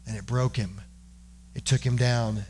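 A man's voice: mid-range voice, steady tone, measured pace, darkish tone, slight background noise. A man preaching a sermon in an earnest way, explaining scripture with everyday examples and dramatic repetition. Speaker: pastor.

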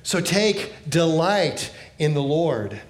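A man's voice: animated, slow pace. Earnest preaching man, echoey room. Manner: earnest preaching, drops low and soft at phrase ends. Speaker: pastor. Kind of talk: sermon.

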